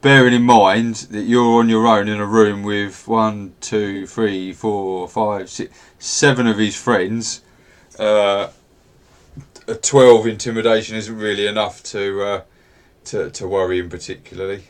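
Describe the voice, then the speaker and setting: A man with a lowish voice guides players through a tabletop game as game master. He talks in an easygoing, unhurried way, hedging with little fillers as he sets the scene. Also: fairly even intonation.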